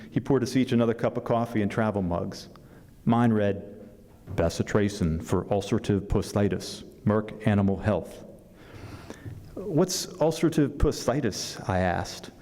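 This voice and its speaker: A man, an author, reading a passage from his novel at a book fair symposium, with unhurried pacing and a few asides. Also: lowish voice, dark tone. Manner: unhurried reading with fillers and restarts between passages. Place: symposium hall. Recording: long hall reverb.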